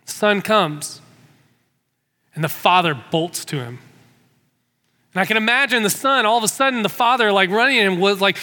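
Male preacher, high bright voice, storytelling sermon in a reverberant hall. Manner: storytelling, repeats words when restarting.

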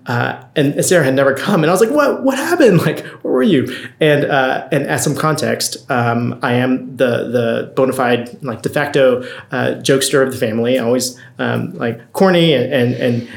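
Gravelly voiced pastor guy in his 30s, earnest sermon, lots of restarts, echoey room. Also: medium pitch, normal speed. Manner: earnest, storytelling, frequent restarts. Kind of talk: conversational sermon. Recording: roomy echo.

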